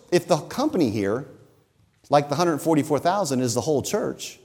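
A male pastor preaching a sermon, his voice set a little higher than most men's. He speaks emphatically and draws out the key phrases to drive his point home. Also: a little mellow.

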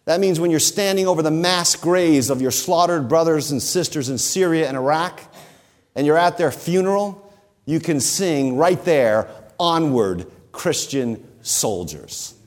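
A male pastor preaching a sermon, his voice set a little higher than most men's. He speaks emphatically and draws out the key phrases to drive his point home. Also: moderate pace.

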